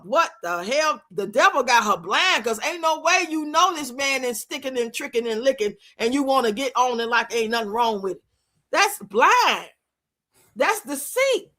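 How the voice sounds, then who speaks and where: A woman's voice: sits high, lively intonation, measured pace, bright, forceful tone. A woman streamer giving blunt, profane commentary in a casual live-stream rant. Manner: blunt, profane, rants and scolds with lots of swearing. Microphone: streaming mic.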